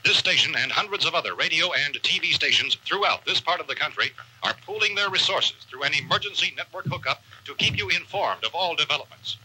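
A man playing a radio news announcer reading an emergency bulletin in a formal, measured way. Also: a little high, lively intonation, sharp tone, a little hiss or hum, rough recording. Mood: urgent.

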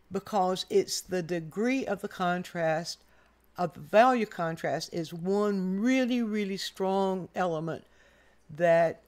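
An older woman walks the viewer through a painting lesson. Her delivery is patient and explanatory, and she guides the viewer's eye point by point. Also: on the low side. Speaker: art teacher.

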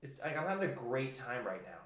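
A man's voice: medium pitch, sing-song, a little fast, fairly bright tone, echoey room. A Canadian man co-hosting a casual beer review, tipsy and joking crudely. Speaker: podcast co-host.

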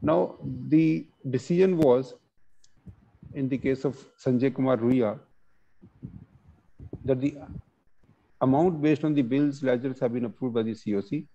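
A man walks listeners through legal rulings in a webinar, often pausing with fillers as he reads out and explains case text. His voice is mellow and middle-pitched, and the call audio sounds dull and lo-fi. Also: a little hiss or hum. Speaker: webinar presenter.

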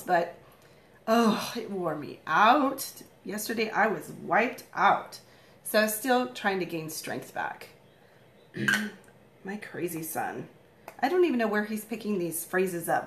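A woman in her thirties doing a casual live makeup tutorial at home, chatty and rambling, with a morning voice and frequent throat-clearing. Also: medium pitch, lively intonation, moderate pace, fairly bright tone, reverberant. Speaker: makeup vlogger, live stream host.

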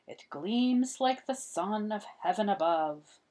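A woman reading the part of a prosperous medieval bookseller, smooth and coaxing in a storybook read-aloud. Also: medium pitch, animated, slow pace, a little mellow. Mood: hushed awe.

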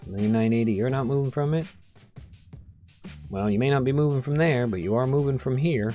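The gameplay host speaks briskly in a dark, mid-range voice, soft music playing behind him in his home room as rain storms outside. He jokes casually, reads out what the customers say, and chats with himself about his play.

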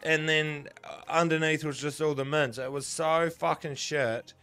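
A man's voice: a little high, steady tone, measured pace, bright, forceful tone, clear, resonant tone, faint music behind. A young man with a New Zealand accent, chatting casually and swearing often while he live-streams slots and answers his chat. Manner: swears a lot, banters with chat. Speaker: gambling streamer.

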